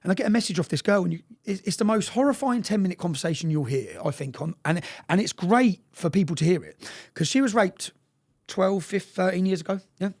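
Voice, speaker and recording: With a high-sitting, darkish voice and lively intonation, this Englishman speaks briskly as a conversation guest. He tells his stories with passionate insistence and tags many phrases with a questioning "yeah?"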